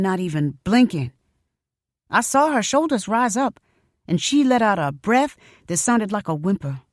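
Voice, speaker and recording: A woman narrating a story audiobook in an expressive first-person telling. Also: medium pitch, no room sound, studio quality.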